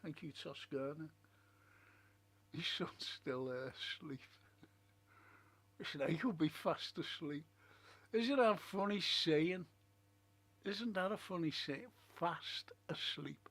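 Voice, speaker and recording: A man's voice: fairly high pitch, slow pace, pauses often, fairly bright tone. A man hosting a casual live stream, chatting in a rambling way, musing aloud and reading out viewer comments. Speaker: livestream host. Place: at home.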